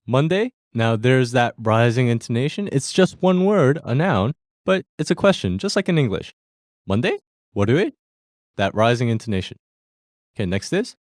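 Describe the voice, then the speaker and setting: A man's voice: mid-range voice, big pitch swings, moderate pace, no room sound, studio quality. A man hosting a language lesson, explaining Korean phrases to learners step by step in a friendly way that breaks into easy laughter.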